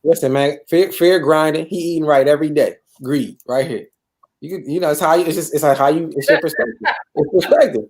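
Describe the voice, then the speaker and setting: A man's voice: fairly high pitch, a little fast, a little mellow. A man hosting a live gaming talk show, rambling and repeating himself, tagging lines with "bro" and "right?". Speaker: show host. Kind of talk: casual chat.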